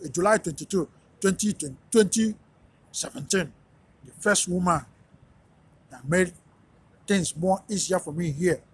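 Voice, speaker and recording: A man's voice: high-pitched, slightly rough. A man, a radio host, telling a personal story in an emphatic, repetitive, preacher-like monologue.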